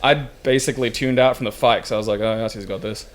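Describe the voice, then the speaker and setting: A man's voice: fairly low pitch, steady tone, fast talker. A man playing a video game and chatting casually, muttering dry remarks and swearing at the game. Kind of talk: casual let's-play chat. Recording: background noise.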